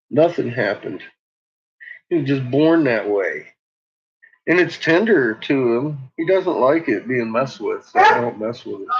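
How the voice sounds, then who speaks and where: A man's voice: mid-range voice, a bit bright, breathy edge, muffled recording. A man chatting in a rambling way about his dogs, chuckling often and cooing at them. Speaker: dog owner vlogger. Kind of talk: casual rambling chat.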